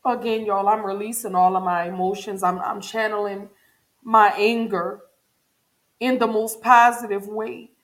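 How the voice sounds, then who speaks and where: A woman's voice: mid-range voice, little pitch movement, measured pace. A grieving woman talks openly and earnestly to her viewers in an emotional personal check-in, repeating phrases for emphasis. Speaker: vlogger.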